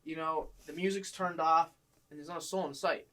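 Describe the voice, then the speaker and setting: A man's voice: on the high side, steady tone, fairly quick, background noise. A young man casually telling work stories, acting out a boss and customers in a raised voice. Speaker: storyteller guest. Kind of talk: casual chat.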